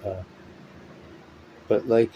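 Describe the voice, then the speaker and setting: A man rambling through a morning monologue, short of breath and exhausted, talking in a weary, halting way with many pauses and fillers. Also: dull audio, slight background noise. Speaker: vlogger. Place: at home indoors. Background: electric fan running.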